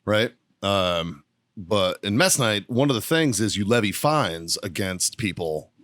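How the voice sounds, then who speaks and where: Man, podcast host, casual storytelling, heavy swearing, fairly low voice, dry close mic. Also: measured pace, no room sound. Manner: profane, swears constantly; lively anecdote teller, often breaking into laughter.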